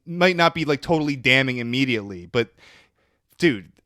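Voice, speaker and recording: A man's voice: medium pitch, expressive, normal speed, sharp tone, no echo, studio quality. A man co-hosting a podcast in casual, profane debate chat, speaking bluntly. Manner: blunt, swears freely. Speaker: podcast co-host.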